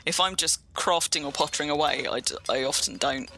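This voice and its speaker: A woman's voice: deep voice, fairly quick, creaky, bright, forceful tone, slight background noise. A woman hosting a casual livestream chat, rambling through explanations and laughing often. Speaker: streamer and host.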